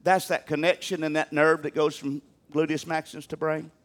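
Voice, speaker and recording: An older man, preaching a sermon as pastor in a folksy, animated way with humor. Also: on the high side, a little fast.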